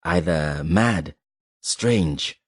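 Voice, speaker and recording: A man reading an audiobook voices a furious woman who speaks low and with contempt. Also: drawn-out words, breathy edge, dry recording, clean studio sound, exaggerated voice. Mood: tense. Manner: low, harsh, scornful. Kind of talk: audiobook character voice.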